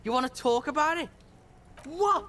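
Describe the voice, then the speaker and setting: A woman's voice: high voice, animated, normal speed, bright, forceful tone. A woman voicing a brash, foul-mouthed young street boy in a video game who swears and talks about himself in the third person. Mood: cocky.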